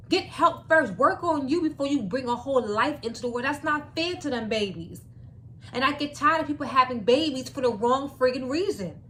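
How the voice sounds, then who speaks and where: A woman's voice: on the high side, a bit bright, slight background noise. A woman giving opinionated commentary in a vlog, preachy and repeating her points for emphasis. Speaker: commentary vlogger.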